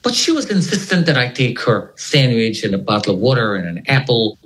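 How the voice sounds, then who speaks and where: A man as an interview guest, telling a personal story in an animated way and acting out the voices of the people in it. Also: mid-range voice, a little fast, low-quality recording.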